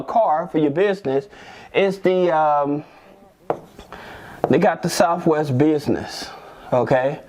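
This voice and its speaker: Man, YouTube host, casual, chatty, lively pitch, frequent "okay?". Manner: chatty, peppers lines with "okay?". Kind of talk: casual talking-head video.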